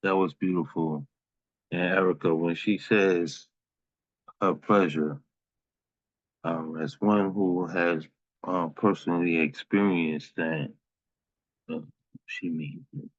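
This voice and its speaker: Man, open mic host, very deep voice, relaxed affectionate chat, dull muffled dry recording. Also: slow pace, long pauses, no echo. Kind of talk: casual hosting chat.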